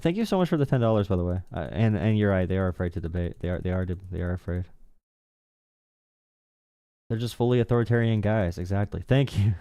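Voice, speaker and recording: A man's voice: on the low side, dark tone, smooth, no room sound, highs cut off. A young man hosting a casual political call-in stream, sarcastic and mocking. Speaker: livestream talk show host.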